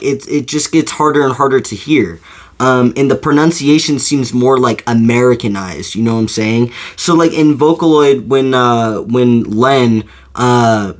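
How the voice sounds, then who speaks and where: A man giving his opinion in a casual monologue, rambling and hesitant, with lots of fillers and restarts. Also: medium pitch. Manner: slow, hesitant delivery. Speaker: video creator.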